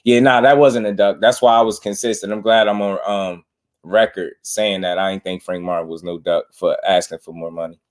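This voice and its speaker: A man's voice: low-pitched, fairly even intonation, brisk. A man hosting a casual boxing livestream, talking in slang, laughing and riffing on viewer comments. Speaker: boxing show host.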